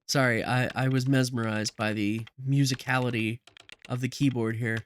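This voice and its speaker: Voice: medium pitch, little pitch movement, moderate pace, slight background noise. Chatty game streamer with joking asides. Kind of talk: casual let's-play commentary.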